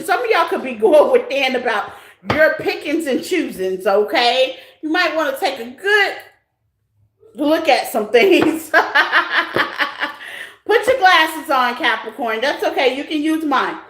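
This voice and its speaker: Woman tarot reader, high voice, frank and giggly, roomy echo. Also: a bit bright. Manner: laughs often, frank and profane, says "okay?" constantly. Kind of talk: casual tarot reading to viewers.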